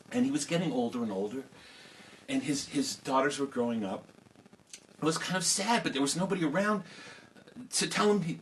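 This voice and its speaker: A man telling a folk tale to children, lively and conversational with casual asides. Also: fairly high pitch, slight background noise, rough recording. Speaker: storyteller. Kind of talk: oral storytelling for children.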